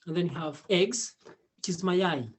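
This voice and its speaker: A man teaching a casual online Swahili lesson, repeating words slowly and laughing often. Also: sits high.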